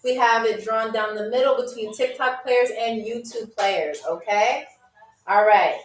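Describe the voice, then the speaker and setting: A playful woman hosts a live trivia game for her viewers. Her voice sits a little high and she speaks at an unhurried pace. She is heard from a distance in an echoey room, with faint music behind her. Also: a little hiss or hum. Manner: chatty, playful, repeats foreign words slowly for viewers. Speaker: game show host.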